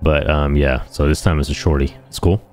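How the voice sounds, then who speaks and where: A man's voice: rumbling low, steady tone, brisk, a little mellow, faint music behind. A man giving rambling, jokey commentary while playing a game, often slipping into random silly voices. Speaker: let's play gamer. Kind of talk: casual gameplay commentary.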